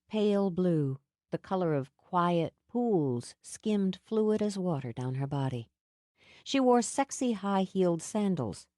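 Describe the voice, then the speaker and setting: A woman narrating a romance audiobook in an even, measured way. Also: on the low side, dry recording, clean studio sound. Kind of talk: scripted narration.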